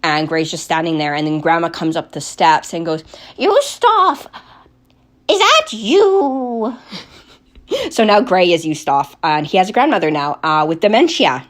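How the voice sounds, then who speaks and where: A woman's voice: deep voice, brisk, few pauses. A woman game master casually recounting her tabletop game, rambling with many restarts. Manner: rambling, full of fillers and restarts. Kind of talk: casual storytelling while knitting.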